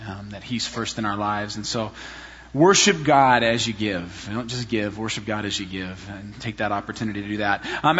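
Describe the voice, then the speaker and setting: A man preaching a sermon in a church, telling personal stories in an animated, self-deprecating way. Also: mid-range voice. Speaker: pastor. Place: church sanctuary. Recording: reverberant hall, slightly dull sound.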